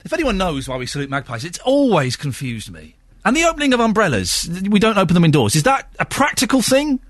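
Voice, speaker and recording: Playful radio host, lively pitch. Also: male voice, fast, no echo. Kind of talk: phone-in radio chat. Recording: radio broadcast studio.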